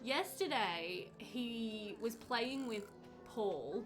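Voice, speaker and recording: Chatty woman streamer, higher voice. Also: lively intonation, drawn-out words. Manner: chatty, reads chat aloud and reacts with bright exclamations. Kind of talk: live gameplay stream commentary. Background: game music.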